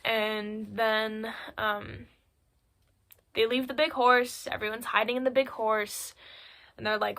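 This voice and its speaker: A teenage girl records a school project on her phone, retelling a story in a chatty, irreverent, slangy way packed with filler words. Her voice is fairly high and fairly bright, with little pitch movement and a slow pace.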